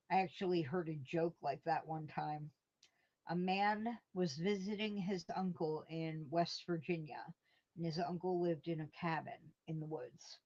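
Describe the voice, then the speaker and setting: Slow, low-voiced woman chatting on a stream. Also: dark tone. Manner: rambling storyteller, chuckles, talks to chat. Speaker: live stream host. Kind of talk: casual live-stream chat. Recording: dull lo-fi stream audio.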